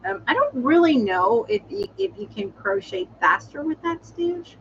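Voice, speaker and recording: A woman with a cold chats casually on a livestream from home, her very high, very animated voice carrying vocal fry and a slightly bright edge at a moderate pace. She meanders with lots of fillers and restarts. The lo-fi audio sounds slightly dull, with a little hiss or hum.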